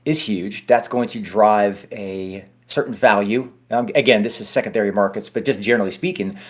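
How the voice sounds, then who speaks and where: A man's voice: lowish voice, steady tone, moderate pace. A man hosting a casual livestream AMA, chatty and reassuring as he answers questions.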